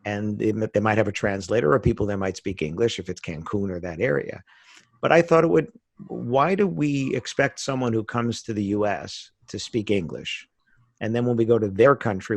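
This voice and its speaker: A man's voice: fairly low pitch, moderate pace, creaky, breathy edge, no echo. A middle-aged American man from the United States, a podcast guest chatting casually and telling stories with frequent laughs. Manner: chatty storyteller, laughs often.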